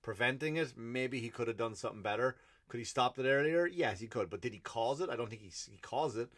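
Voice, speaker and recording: A man's voice: medium pitch, fairly quick, fairly bright tone. Man, Irish accent, comedian, podcast host, solo rant, blunt, profane. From Ireland.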